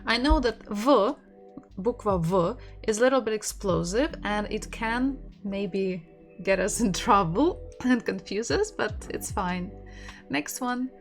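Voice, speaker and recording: A woman's voice: mid-range voice, animated, slow pace, soft background music. A woman with a Russian accent teaching an online language lesson, patiently repeating words for learners.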